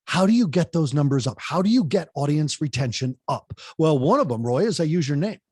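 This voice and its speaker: A man talking fast and with energy as a podcast guest, giving tips on public speaking and addressing the host directly. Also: on the high side, animated, a little mellow, breathy edge, no room sound, studio quality. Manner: talks fast and keeps the pace up.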